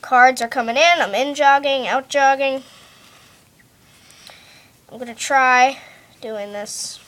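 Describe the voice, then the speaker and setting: A woman performing a card trick while telling it as a story, spelling letters out one by one in a slow, deliberate way. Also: high-pitched, a bit bright. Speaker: magician.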